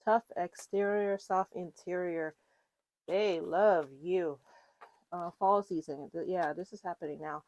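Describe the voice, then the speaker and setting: A woman's voice: lowish voice, fairly even intonation, measured pace, darkish tone. A woman giving a casual, rambling tarot reading to her viewers, full of fillers and restarts. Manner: chatty, rambling, with fillers and self-corrections. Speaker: tarot reader.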